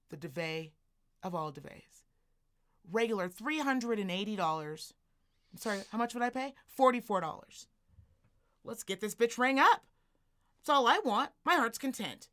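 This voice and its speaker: Woman, fairly high voice, bright tone, casual podcast rant, profane, acts out quotes. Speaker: podcast co-host. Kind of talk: storytelling rant.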